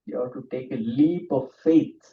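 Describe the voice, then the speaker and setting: A man's voice: medium pitch, normal speed. A man, a swami giving a spiritual discourse, earnest and often laughing as he tells stories. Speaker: swami giving a scripture talk. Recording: distant, dull lo-fi room recording.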